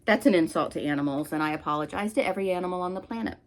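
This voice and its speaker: A woman's voice: on the low side, very fast. A woman hosting a commentary channel, delivering an angry, scolding rant with blunt swearing.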